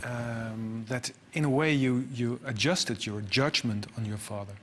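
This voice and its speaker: Brief: male interviewer, hesitant measured questions, faint background noise. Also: mid-range voice, a bit bright. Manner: measured, halting questions with restarts.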